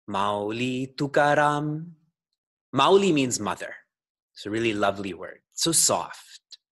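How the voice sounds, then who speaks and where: A man's voice: on the low side, a bit bright, slightly rough. A man, a spiritual teacher, giving a scripture talk to a congregation in a playful way, laughing often and putting questions to his listeners.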